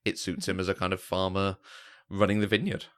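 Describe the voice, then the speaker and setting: A man's voice: low-pitched, little pitch movement, a little fast, a bit bright. A man co-hosting a podcast, chatting casually about a film and often restarting his sentences as he thinks. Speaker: podcast co-host.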